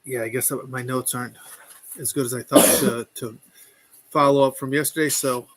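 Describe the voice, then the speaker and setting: Casual male host, halting delivery with lots of ums. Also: medium pitch, level tone, very noisy. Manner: hesitant, many fillers. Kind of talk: casual chat.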